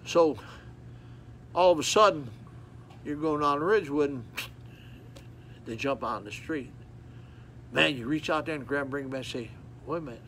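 A man preaching a sermon, folksy and repetitive, telling stories with animated acted-out moments. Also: on the high side, normal speed, pauses often, a little hiss or hum.

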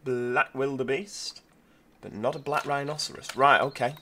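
A man giving casual, chatty commentary while playing a zoo-building game, thinking aloud with lots of fillers, over quiet background music. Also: medium pitch, moderate pace, a little hiss or hum. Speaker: gameplay video host. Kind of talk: casual let's-play commentary.

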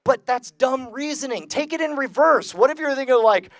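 A man's voice: extremely high pitch, moderate pace, few pauses, no echo. A man giving a comedic skeptic lecture to a live convention audience of a couple hundred people. He talks with energy, polls the crowd, and laughs at his own jokes. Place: large convention room with about two hundred people.

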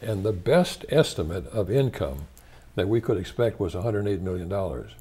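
An older American man, a retired church leader, answers interview questions in a measured, thoughtful way, pausing often and restarting his sentences. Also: low voice, sing-song, mellow, husky. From United States.

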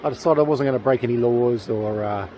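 A man's voice: mid-range voice, fast, warm tone, a little hiss or hum, low-quality recording. Chatty New Zealand man vlogging outdoors. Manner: chatty, enthusiastic, rambling with fillers. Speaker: paranormal vlogger. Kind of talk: casual outdoor vlog. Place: outdoors by a railway tunnel in the bush.

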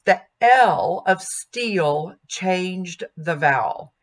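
A woman giving a music diction lesson at a very unhurried pace. Her voice sits slightly low, and she models each sound aloud with care. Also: expressive. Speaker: music teacher.

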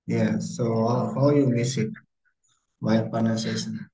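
A man's voice: medium pitch, fairly even intonation, unhurried, gravelly, mellow. Man tutoring in a roomy echo. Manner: corrective, repeats instructions in non-native English. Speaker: Korean language teacher. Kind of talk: online tutoring lesson.

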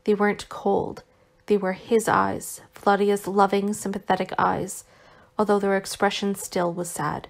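A woman narrating a novel aloud in a measured, plain reading. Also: mid-range voice, level tone, gravelly. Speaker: audiobook narrator.

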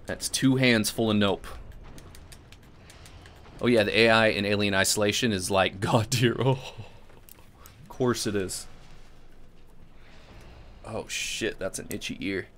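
A man's voice: fairly low pitch, unhurried, pauses often, a little hiss or hum. A man giving rambling gameplay commentary as a channel host, swearing and flaring up at the game between chatty asides. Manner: profane, excitable outbursts at the game.

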